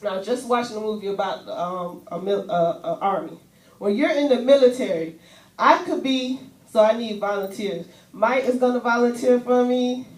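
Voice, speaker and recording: Woman preacher, higher voice, animated and chatty, miked from a distance in a roomy church. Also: moderate pace. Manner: animated, conversational preaching with casual asides. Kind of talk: sermon with volunteers on stage. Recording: echoey church room, voice from afar.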